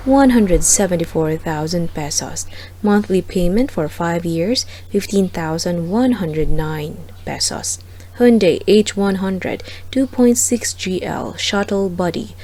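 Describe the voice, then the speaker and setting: Slow Filipino woman reading prices. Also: fairly low pitch, darkish tone, poor audio. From Philippines. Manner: slow, deliberate item-by-item listing. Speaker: car price channel host. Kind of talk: reading a car price list.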